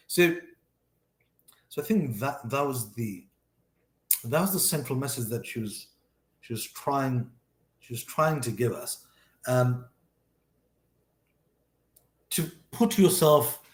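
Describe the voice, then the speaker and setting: A man muses aloud in a relaxed, conversational way, circling back and rephrasing as he goes. His voice sits in an ordinary middle register. The recording carries a noticeable roomy echo. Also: medium pitch. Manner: thoughtful, conversational, often restarts and self-corrects. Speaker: host sharing life lessons. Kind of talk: casual reflective monologue.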